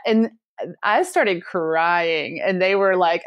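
Lively, laughing woman business coach. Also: lowish voice, very slow, pauses often. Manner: animated storyteller, acts out quotes, laughs often. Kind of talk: casual interview conversation.

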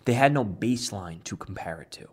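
Low-voiced excitable male commentator. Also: brisk, breathy edge. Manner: excitable, emphatic, often rambling. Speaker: political commentary host. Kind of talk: opinionated commentary.

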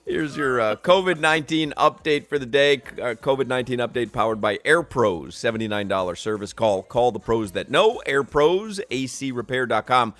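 A man's voice: mid-range voice, lively intonation, normal speed, hardly any pauses, a bit bright. A man co-hosting a radio show, bantering with a laugh and reading sponsor copy. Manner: joking, laughs often, reads sponsor copy. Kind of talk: sports radio banter and live reads.

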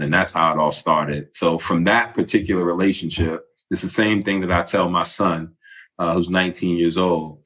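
A man, a former basketball player candidly telling a story in casual chat. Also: deep voice. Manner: relaxed, candid storyteller, acts out quoted voices.

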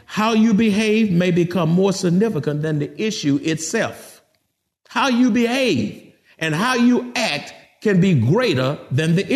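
A middle-aged male pastor giving a lively sermon in a church, with folksy asides to the congregation. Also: high voice.

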